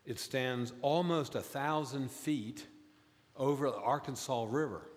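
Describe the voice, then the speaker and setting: A man preaching a sermon as pastor, telling stories and rising high in pitch for emphasis. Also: unhurried. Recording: long reverb, as in a church.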